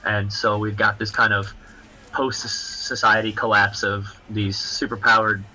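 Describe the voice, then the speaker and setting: A man, a comic book creator guesting on a livestream, chatting casually in halting, rambling explanations. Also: on the low side, level tone, sharp tone, poor audio.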